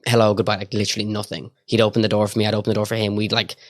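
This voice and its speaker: A young man with an Irish accent, a guest telling stories casually, quick and full of fillers and acted-out dialogue. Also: lowish voice, level tone, no echo, studio quality. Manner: rapid, filler-heavy storytelling full of quoted dialogue. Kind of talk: casual storytelling.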